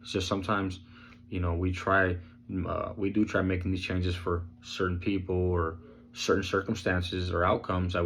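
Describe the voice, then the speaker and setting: A man talking casually in a vlog, laid-back and rambling with lots of fillers, hoarse from losing his voice. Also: low-pitched, slight background noise. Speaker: vlogger sharing his recovery journey.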